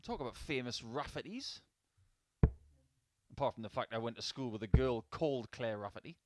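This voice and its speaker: A man's voice: mid-range voice, animated, moderate pace. A man giving live darts commentary in a chatty, upbeat way with small personal asides.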